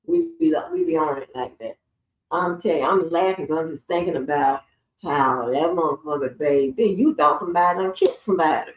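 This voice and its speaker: She's a stream host telling stories full of profanity and laughs in a casual broadcast. Her voice sits low and her delivery is brisk, while the recording is muffled, roomy, and distant from the mic.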